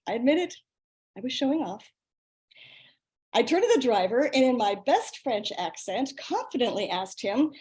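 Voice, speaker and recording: An older woman with a somewhat high voice reads her own story aloud. She tells it in a lively, self-mocking way. The sound comes through a video call. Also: moderate pace, long pauses. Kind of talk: reading a personal story aloud.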